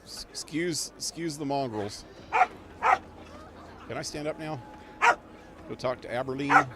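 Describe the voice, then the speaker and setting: A man's voice: medium pitch, a little slow, very noisy. A man livestreaming a video game, commenting casually, laughing often and swearing in passing. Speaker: gaming livestreamer. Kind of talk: live gameplay commentary. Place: small home.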